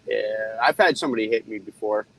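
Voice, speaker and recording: A man's voice: on the low side, fairly quick, creaky, fairly bright tone, poor audio. A man who drives a truck, telling a blunt, profane story in casual talk from inside his cab. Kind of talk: casual storytelling while driving.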